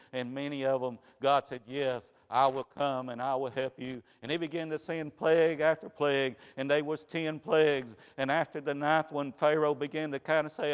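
A man's voice: medium pitch, smooth. A man preaching a sermon, giving earnest testimony that rises to fervent emphasis. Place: church sanctuary. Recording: church hall reverb.

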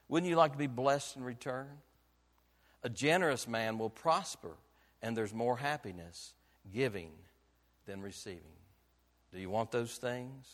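Emphatic preaching pastor in reverberant church. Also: male voice, mid-range voice. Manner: emphatic preaching with rhetorical questions, swinging between loud and quiet. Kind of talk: sermon. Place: church sanctuary.

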